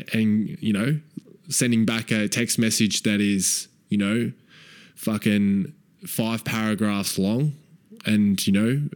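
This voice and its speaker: Blunt, swearing man giving advice. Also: fairly low pitch. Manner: blunt and profane, keeps asking "right?"; repeats key phrases for emphasis. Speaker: co-parenting coach for fathers. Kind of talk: direct-to-camera advice talk.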